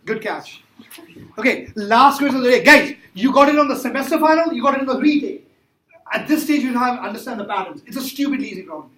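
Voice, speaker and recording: Bright and forceful, a male math teacher's very high voice moves fast and animated through a calculus lecture. He repeats himself emphatically and quizzes students while solving problems. Sound comes from an echoey classroom with a little faint noise.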